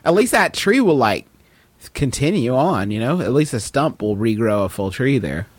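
A man's voice: medium pitch, very animated, normal speed, breathy edge, no room sound. Playful man, dry close sound. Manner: playful, rambling, joking. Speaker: podcast co-host. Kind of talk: casual comedy podcast banter.

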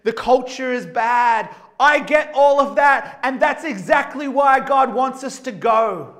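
High-voiced guy preaching, punchy, keeps repeating phrases and asking big questions. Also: unhurried, a bit bright. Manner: emphatic, rhetorical questions, builds with repetition. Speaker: pastor. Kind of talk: sermon.

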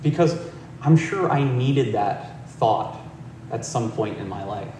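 Gentle man giving a talk in an echoey hall. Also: medium pitch, lively intonation, takes it slowly, a little hiss or hum. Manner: gentle, reflective, conversational. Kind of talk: dharma talk with storytelling. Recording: roomy hall, distant mic.

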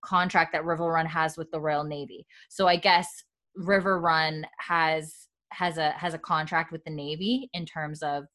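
Chatty woman recapping, lowish voice. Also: steady tone, moderate pace, fairly bright tone. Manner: rambling, many fillers, quotes characters. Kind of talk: casual episode recap.

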